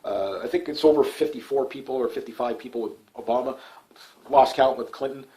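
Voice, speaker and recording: Rapid, rambling middle-aged man. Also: mid-range voice, mellow, low-quality recording. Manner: rambling, repetitive, stumbles and restarts. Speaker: political YouTuber. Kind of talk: casual political monologue.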